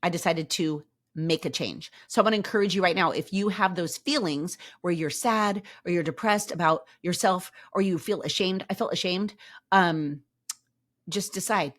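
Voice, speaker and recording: A middle-aged woman hosting a podcast, telling her own story to listeners in a lively, emphatic way and acting out what people said. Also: on the low side, moderate pace. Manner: lively, emphatic, acts out quoted remarks. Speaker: podcast host.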